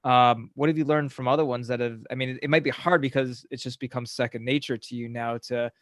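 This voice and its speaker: Guy hosting a podcast, middle pitch, dry room, kinda feels his way thru questions. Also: steady tone, brisk, no echo. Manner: searching, rephrases questions mid-sentence. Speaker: podcast host. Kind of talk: interview questions.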